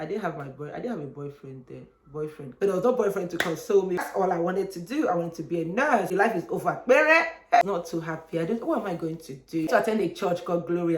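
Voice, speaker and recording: A young woman, telling a personal story on her vlog in an animated way and acting out other people's voices. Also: on the low side. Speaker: vlogger. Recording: echoey room.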